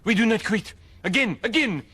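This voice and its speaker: A stubborn, bumbling man with a very high, bright, sharp voice that swings around a lot. He keeps repeating himself doggedly, refusing to quit, and the scene is clearly played from a film. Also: expressive, normal speed, heavily acted. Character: stubborn bumbling man mangling a simple sentence.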